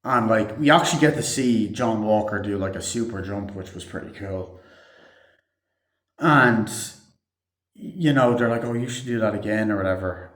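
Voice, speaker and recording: A man's voice: lowish voice, a little slow, long pauses, fairly bright tone. A man casually recapping a movie scene by scene, rambling and swearing, with a lot of "like" fillers. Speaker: movie reviewer. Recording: echoey room.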